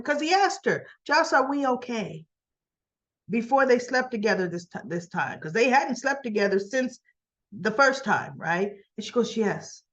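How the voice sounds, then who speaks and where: A woman's voice: on the high side, a bit bright. A woman hosting a casual soap opera recap, chatting and acting out the characters' lines in a raised voice. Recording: slightly dull lo-fi audio.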